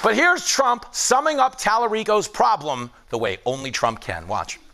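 Man, comedy host, high gravelly voice, lively delivery, audience noise behind. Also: normal speed. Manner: animated, mimics people in voices. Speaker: late-night comedy host. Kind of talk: comedy monologue. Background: studio audience laughing.

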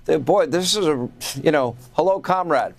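A man's voice: a little high, expressive, moderate pace, gravelly. A man hosting a news talk show, introducing guests and clips with chatty, chuckling asides. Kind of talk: cable news commentary.

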